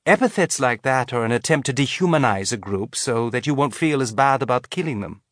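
A man voicing a calm, gentle female chaplain in an audiobook, patient and teacherly. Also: mid-range voice, a little slow, no echo, clean studio sound, voice pushed up, natural voice.

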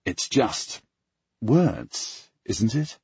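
A man with a raspy, gravelly voice reading the lines of an easygoing young aristocratic man, raised above his own low pitch, in a dull, dry recording. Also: sing-song, very slow, darkish tone, no room sound, heavily acted.

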